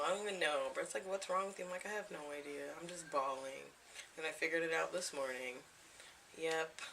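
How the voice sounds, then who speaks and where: A woman's voice: sits low, noisy background. A woman in her thirties chatting casually to camera at home, rambling from one thing to the next and laughing often. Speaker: vlogger. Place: home, indoors.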